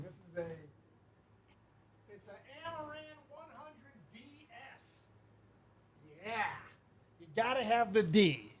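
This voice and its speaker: A man hosting a live stream, chatting casually, reading viewer comments aloud and swearing freely in an animated way. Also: sits high. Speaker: livestream host.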